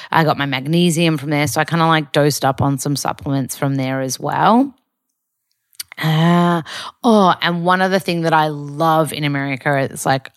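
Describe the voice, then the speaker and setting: A woman's voice: deep voice, dry recording, clean studio sound. A young Australian woman chatting casually to camera in a rambling vlog, full of fillers. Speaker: vlogger.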